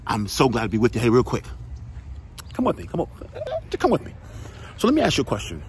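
A man's voice: medium pitch, wildly swooping pitch, fast, a little hiss or hum. A man, a former football player, giving an emphatic motivational talk, repeating key phrases and asking the listener direct questions.

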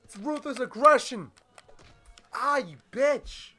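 A man playing through a video game with running commentary, excitable and foul-mouthed. His voice is high and bright, swinging from loud outbursts to muttered asides. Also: takes it slowly, faint music behind. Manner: excitable, swearing, yelling at the game. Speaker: gaming YouTuber. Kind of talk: let's play commentary.

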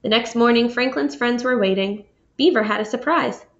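A woman reading a children's picture book aloud with expressive delivery, pausing to ask her young listeners questions. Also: slight background noise. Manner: expressive, asks listeners questions, raises pitch for characters' lines. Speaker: storybook reader. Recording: dull lo-fi audio.

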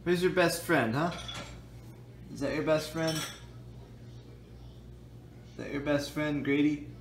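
A man's voice: a little high, slow, slight background noise. A young man casually filming at home, laughing and coaxing his pet cat in playful baby talk. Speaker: vlogger. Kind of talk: casual vlog talking to a cat. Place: house, basement and backyard.

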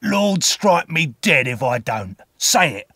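A man voicing a gruff, menacing escaped convict in a storybook reading, growling slowly and threateningly. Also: a little high, sing-song, sharp tone, no room sound, clean studio sound, pitched above the performer's own voice, exaggerated voice.

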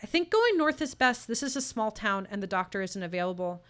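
Bright, crisp woman telling a true story. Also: mid-range voice, big pitch swings, brisk. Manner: personal story told with tense quoted dialogue. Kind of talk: live storytelling performance. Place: live showcase venue.

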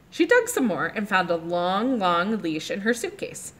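A woman reads a chapter book aloud at children's story time, her voice swooping up and down with lively expression. She stops now and then to ask the kids about the pictures. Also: mid-range voice, unhurried. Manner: animated, asks the kids questions about the pictures.

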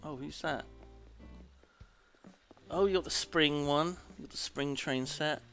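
A man's voice: fairly high pitch, measured pace, fairly bright tone, soft background music. A man streaming a game live, chatting casually, swearing freely and muttering apologies to himself.

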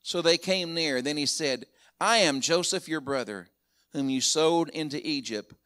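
Bright-voiced man preaching a story sermon. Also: measured pace. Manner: storytelling retelling of scripture, acting out quotes; builds up loud and high at key points. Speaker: pastor.

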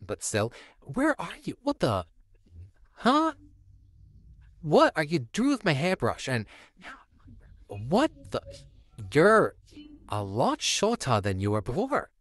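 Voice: huge pitch swings, unhurried, pauses often, no room sound. A performer voicing a flustered, sarcastic male puppet neighbor stuck babysitting a child, in a home-made fan audio drama with a close, dry home mic. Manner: sarcastic, easily flustered, wildly swinging pitch.

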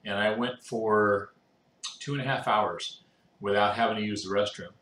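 A worn-out man talks in a loose, rambling way, full of "uh" and "you know." His voice sits fairly low. The sound bounces around the room with a noticeable echo. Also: fairly even intonation, moderate pace, a bit bright, slight background noise. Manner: rambling, chatty, with filler words. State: exhausted and yawning. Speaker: video blogger with cancer. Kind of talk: casual chat to camera. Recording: roomy echo.

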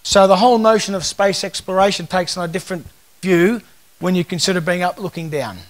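His voice sits high and moves fairly quickly. He's an Australian in his fifties delivering a relaxed, humorous conference talk full of anecdotes.

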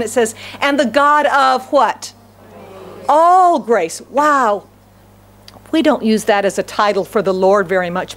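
High-voiced woman pastor preaching emphatically. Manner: animated, emphatic, rising exclamations and repeated phrases; speaks quickly with frequent restarts. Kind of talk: sermon.

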